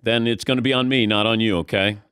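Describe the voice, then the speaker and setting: A man's voice: lowish voice, fairly even intonation, fast, a bit bright, clear, resonant tone, no echo. A man hosting a talk show, teasing his guest in a dry way and wrapping up the interview. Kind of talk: casual interview chat.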